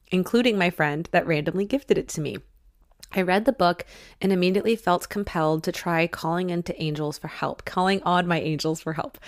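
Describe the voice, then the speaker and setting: A woman's voice: deep voice, no echo. Emotional woman podcast host, dry close sound. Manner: emotional, effusive, laughs often. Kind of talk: reading listener stories and chatting.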